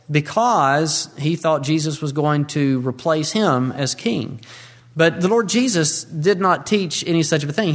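A man, a pastor, preaching a sermon earnestly and drawing out key words slowly. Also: fairly high pitch.

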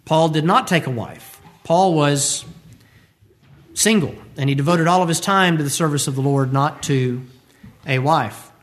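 A man's voice: on the high side, a little slow, faint music behind. A tired male preacher giving a sermon, who acts out the scripture quotes he tells.

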